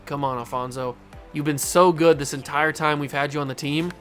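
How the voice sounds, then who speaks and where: A fairly high-voiced man gives casual, running play-by-play of a baseball video game he is playing. He talks to the players and the game as if they could hear him. He swings quickly from muttering to excited yelling, with faint music underneath. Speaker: gaming channel host.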